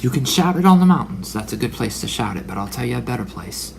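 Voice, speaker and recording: Gravelly-voiced man preaching. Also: medium pitch, very animated, quick pace, slight background noise. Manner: dramatic, drops into breathy whispered asides. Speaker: religious speaker. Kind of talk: preaching monologue.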